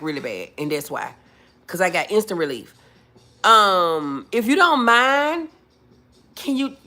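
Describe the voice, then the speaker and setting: With a fairly low-pitched voice that sounds pushed and bright, a woman runs a casual livestream. She goes through viewers' comments and chats with them, calling them boo and baby.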